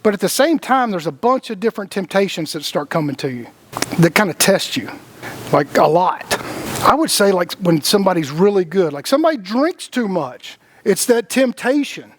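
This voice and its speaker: A man's voice: high voice, lively intonation, moderate pace. A man co-hosting a casual spiritual chat, rambling, repeating words, laughing often and acting out the voices of people he quotes. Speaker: podcast co-host.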